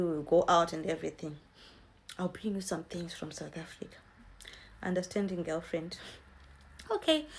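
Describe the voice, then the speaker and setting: A woman's voice: on the low side, darkish tone. Young woman telling a storytime chat. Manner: chatty, addresses viewers as guys, acts out quotes. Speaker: vlogger. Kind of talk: storytime vlog.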